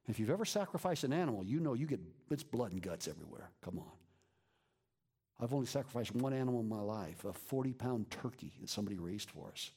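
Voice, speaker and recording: A man preaching a sermon as a pastor, moving between lively emphasis and hushed whispers. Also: medium pitch, quick pace, breathy edge. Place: church.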